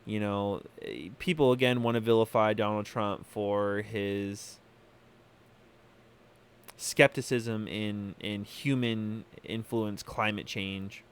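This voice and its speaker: A man hosting a podcast from California, giving opinionated solo commentary in a halting way, full of fillers and restarts. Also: fairly low pitch, fairly even intonation, clear, resonant tone. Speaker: podcast host.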